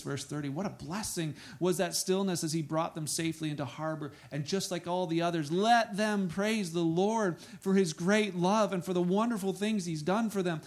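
Lively man preaching a sermon. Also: fairly high pitch. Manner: lively preaching, swings between soft asides and loud exclamations. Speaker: pastor. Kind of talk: sermon with scripture reading.

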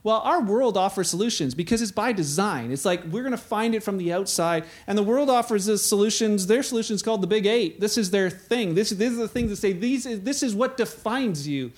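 A man's voice: sits high, expressive, fairly quick, few pauses. A man preaching a sermon in a conversational way, acting out the voices he quotes.

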